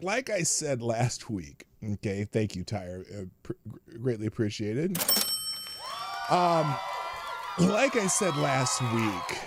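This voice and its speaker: A man hosting a live stream, telling a story in a casual, animated way, acting out the other people's lines and laughing often. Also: medium pitch, dry recording. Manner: animated, acts out quoted voices, laughs often. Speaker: livestream host.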